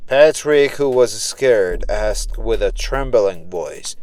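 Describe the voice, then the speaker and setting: A man narrating a scripted horror story in a slow, deliberate way. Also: medium pitch, sing-song, darkish tone, no room sound, soft background music, poor audio.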